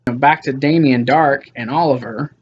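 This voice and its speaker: A man's voice: medium pitch, measured pace, lo-fi sound, a little hiss or hum. A man recapping a TV episode in a loose, casual way, with lots of fillers and quoted lines. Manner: loose retelling with many fillers and quoted asides.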